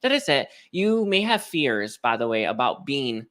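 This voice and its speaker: A man's voice: medium pitch, big pitch swings, normal speed, a bit bright. A man giving a casual, rambling spiritual reading, chatting to viewers with lots of fillers and restarts. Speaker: spiritual card reader.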